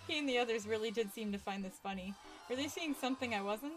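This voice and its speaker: A woman's voice: medium pitch, fast, soft background music. A woman streaming a horror visual novel, reading its text aloud and chatting with viewers, laughing often and swearing casually. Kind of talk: live game stream chat and reading aloud.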